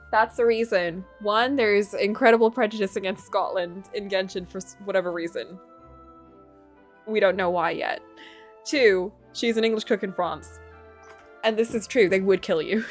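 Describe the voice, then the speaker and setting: A woman streaming a game, chatting casually and joking with frequent giggles. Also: mid-range voice. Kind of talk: casual live-stream commentary. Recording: game music behind.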